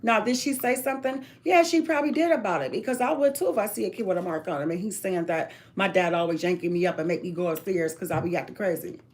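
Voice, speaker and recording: A woman's voice: lowish voice, fast talker, hardly any pauses, a little mellow. A woman talking to viewers in a casual chat, telling a long personal story in emphatic run-on sentences.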